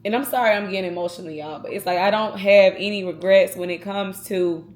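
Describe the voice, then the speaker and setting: A woman's voice: mid-range voice, fairly even intonation, brisk. A woman talking casually and earnestly to her viewers in a vlog, speaking straight to them. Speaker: vlogger.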